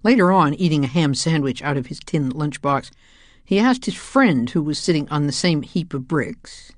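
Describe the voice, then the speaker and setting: A woman narrates a children's story in a calm, measured way. Her voice sits low, and the recording is dry and close with no room sound. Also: no room sound. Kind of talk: audiobook narration.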